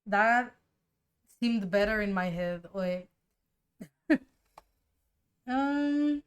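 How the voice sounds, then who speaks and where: A woman streamer thinking aloud to herself while drawing, trying colors and musing in a relaxed, casual way. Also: medium pitch, drawn-out words, clean tone. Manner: musing to herself, trial and error, soft laughs.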